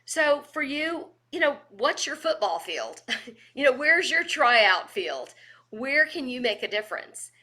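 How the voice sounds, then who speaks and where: Lady teaching a volunteer leadership class on a video call, kinda high voice, bright and upbeat, tells stories with lots of energy. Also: unhurried. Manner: energetic, animated storyteller who laughs often. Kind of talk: virtual training lecture with storytelling. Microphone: video call microphone.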